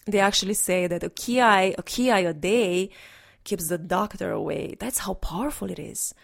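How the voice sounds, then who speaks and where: A woman's voice: lowish voice, normal speed, creaky, slightly rough. A woman energy healer in a casual, rambling monologue, earnest and instructive, with frequent restarts.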